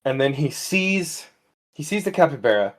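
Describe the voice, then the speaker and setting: A young man co-hosting a comedy podcast, telling an absurd story in halting, rambling bursts. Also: fairly high pitch, sing-song. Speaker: podcast co-host. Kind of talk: casual comedic chat.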